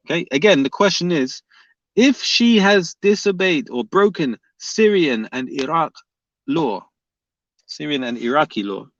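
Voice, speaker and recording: Guy on a live stream reading comments and arguing back, gravelly voice, kinda dull lo-fi sound. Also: a little high, a bit bright, dry recording. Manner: argumentative, repeats questions back at commenters.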